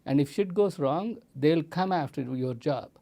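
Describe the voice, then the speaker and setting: A man from India, a podcast guest talking in a relaxed way with many fillers. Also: on the high side, unhurried, vocal fry. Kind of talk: casual chat.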